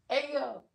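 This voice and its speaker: At home on a livestream, a woman chats casually with her viewers, loud and joking, swearing and firing back at the chat.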